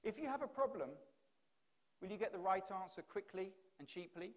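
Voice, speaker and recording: At a conference hall keynote, a man with a fairly high, expressive voice speaks at a moderate pace into a stage mic. He presses his argument through chains of rhetorical questions, sounding well practiced.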